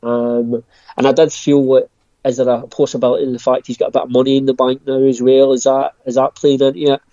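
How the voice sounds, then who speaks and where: A man's voice: medium pitch, little pitch movement, brisk, mellow, dry recording. A man speaking as a podcast guest, hesitant, with frequent ums and restarts. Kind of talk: casual podcast chat. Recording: dry, dull lo-fi audio.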